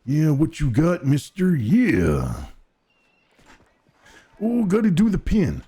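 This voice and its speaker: A man doing an over-the-top impression of a gravelly male pro wrestler, growling his hype. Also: on the high side, wildly swooping pitch, slow pace, dark tone, pitched above the performer's own voice, exaggerated voice. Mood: hyped.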